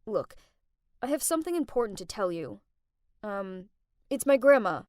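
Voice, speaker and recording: A woman's voice: mid-range voice, sing-song, a little mellow, no echo, clean studio sound, lightly acted. A woman doing a hesitant young man. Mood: sheepish. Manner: hesitant, halting, with ums.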